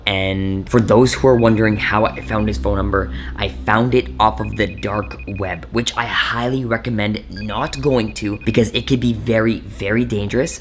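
A man hosting a staged horror challenge vlog, talking excitedly to his viewers and calling them "guys", swinging between hushed suspense and frantic alarm. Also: fairly low pitch, a little hiss or hum. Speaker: YouTuber host.

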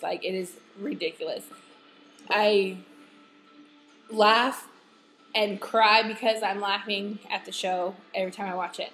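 A woman in her thirties, chatting casually in a monthly favorites vlog, rambling and full of "like" and "you know". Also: medium pitch. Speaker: vlogger.

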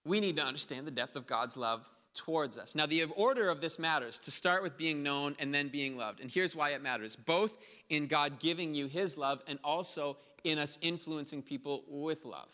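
A man's voice: a little high, normal speed, bright, forceful tone. A man preaching a sermon as pastor, passionate and building to emphatic peaks, acting out quoted speech. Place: church hall. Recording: reverberant hall.

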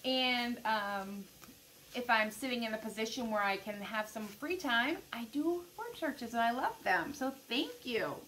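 A middle-aged American woman chatting casually to her viewers while unboxing gifts, gushing and excitable. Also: fairly high pitch, measured pace, a little hiss or hum, poor audio. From United States. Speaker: vlogger.

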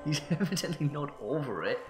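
A man's voice: fairly high pitch, expressive, a little fast. A man doing jokey, self-mocking let's play commentary on a story game. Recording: roomy sound with faint music.

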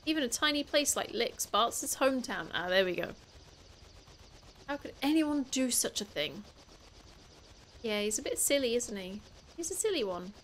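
A gaming YouTuber with a fairly high, slightly bright voice and lively intonation talks at normal speed, pausing often, in casual let's-play commentary. She thinks aloud chattily and swears playfully; there's game music and slight background noise.

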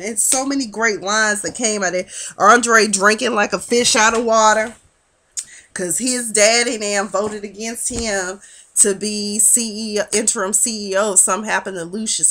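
Sassy woman vlogger, mid-pitched, chatty recap, acts out lines. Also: a bit bright. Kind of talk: casual episode recap.

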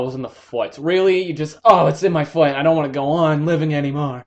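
A young man giving casual, excitable commentary while playing a shooter game, swearing and joking. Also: a little high, brisk, muffled recording. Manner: excitable, swearing, jokey outbursts. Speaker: gaming commentator.

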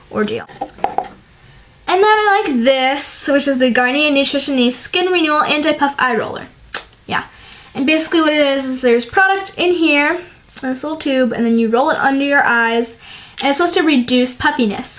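A young woman chatting casually about her favorite beauty products in her bedroom, filling her talk with "um" and "like". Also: high-pitched. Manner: chatty, lots of "um" and "like". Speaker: beauty vlogger. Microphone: built-in camera mic.

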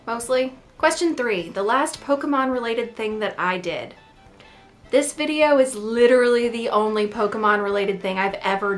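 A woman vlogger in casual chat, playful and self-deprecating, talking to the camera. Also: fairly high pitch.

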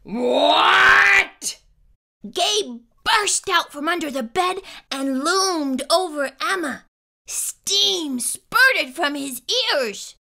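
A woman reads a children's picture book aloud with animated, expressive storytelling. Her voice is high and bright, and her pitch leaps around. She takes her time, reading at a very slow, unhurried pace. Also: creaky.

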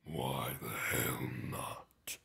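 A man voicing a giant male fox spirit in a fan story, speaking low and whispery. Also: fairly even intonation, extremely slow, vocal fry, bright, forceful tone, reverberant, full character voice. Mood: gruff.

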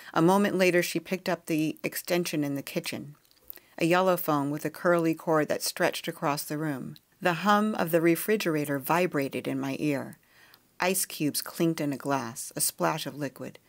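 A woman reading a memoir chapter aloud as a podcast host, quiet and measured. Her voice is low-pitched with a noticeable creaky fry. The narration stays intimate and steady. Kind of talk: audiobook-style reading aloud.

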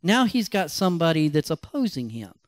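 A male pastor telling a Bible story as a sermon, animated and emphatic. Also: on the high side, brisk, no room sound.

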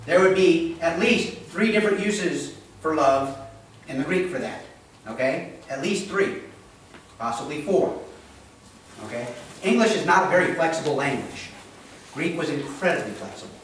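A man's voice: a little high, lively intonation, normal speed, pauses often, slight background noise. A man preaching a sermon as pastor, plainspoken and often checking in with his congregation. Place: church. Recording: echoey church hall recorded from a distance.

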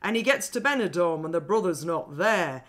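Lively, bright-voiced woman film critic. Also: on the low side, normal speed. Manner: animated, laughs often while talking. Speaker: podcast co-host and film critic. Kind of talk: casual film review chat.

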